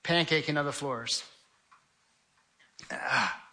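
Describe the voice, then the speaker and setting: A man giving a vivid personal testimony to an audience, acting out the shouts and voices of his story. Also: a little high, takes it slowly, heavy background noise. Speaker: speaker telling his testimony.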